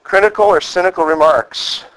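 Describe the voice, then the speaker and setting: A man's voice: high voice, normal speed, low-quality recording. A middle-aged male pastor preaching a sermon, telling stories and acting out the lines he quotes. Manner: animated storytelling, acts out quoted lines.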